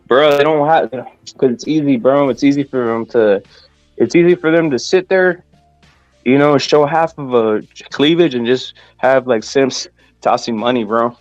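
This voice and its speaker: A man hosting a casual stream, talking crudely and rambling, his voice raspy from smoking. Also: medium pitch, moderate pace, dry recording, dull audio, soft background music. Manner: crude, rambling, lots of "bro". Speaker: podcast host. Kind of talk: casual livestream chat.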